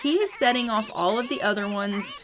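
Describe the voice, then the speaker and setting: A woman's voice: a little high, animated, brisk, noisy background. Chatty woman narrating a game. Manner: chatty, upbeat, frequent "um" fillers. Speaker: gaming channel host. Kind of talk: casual let's-play commentary.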